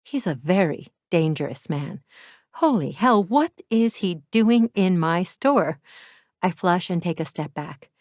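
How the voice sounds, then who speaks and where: A woman reads a first-person romance audiobook with a candid, self-mocking wit. Her voice is somewhat low, and the recording is dry with no room sound. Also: animated, unhurried, a little mellow, no room sound. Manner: wry, candid, self-deprecating. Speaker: audiobook narrator.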